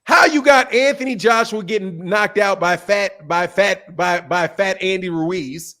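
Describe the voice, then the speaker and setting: A man hosting a boxing talk show, excitable and animated, laughing often. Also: high voice, measured pace. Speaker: host. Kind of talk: casual chat.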